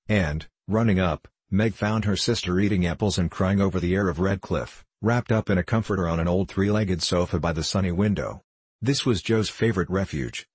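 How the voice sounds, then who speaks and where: Male narrator, very low and slightly husky, even delivery, dry studio sound. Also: dry recording. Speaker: audiobook narrator. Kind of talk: scripted narration.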